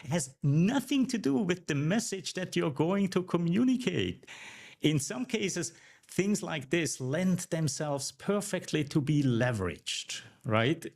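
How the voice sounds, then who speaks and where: A man's voice: on the high side, very animated, measured pace, gravelly, a little mellow. A man guest on an interview podcast, a communication coach, explaining ideas reflectively and often checking in with "right?". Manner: reflective, tags points with "right?". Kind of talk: interview answers.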